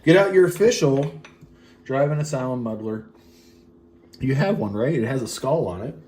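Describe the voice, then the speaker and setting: A man's voice: medium pitch, animated, normal speed, a little mellow, a little hiss or hum. A man co-hosting a show, chatting casually with rambling asides while he mixes a cocktail at home in a farmhouse. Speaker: co-host making a cocktail. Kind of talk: casual chat, cocktail demo.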